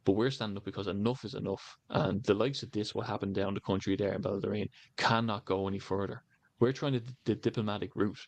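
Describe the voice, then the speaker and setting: A fairly low-pitched Irish man in his thirties talks casually and at length. He keeps circling back and leaning on "you know" as he goes, the easy rhythm of a candidate telling stories from the campaign trail. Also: fairly even intonation, quick pace, creaky, dry recording. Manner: rambling, many "you know" fillers. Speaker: election candidate canvassing. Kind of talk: casual interview talk.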